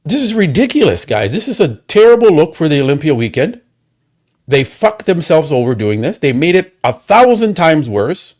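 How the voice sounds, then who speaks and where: A man's voice: fairly high pitch, very animated, a little mellow. A man hosting a livestream, ranting angrily with heavy swearing and repeated rhetorical questions. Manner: profane, heated, rapid repetitions and rhetorical questions. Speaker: livestream host. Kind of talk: angry watchalong rant.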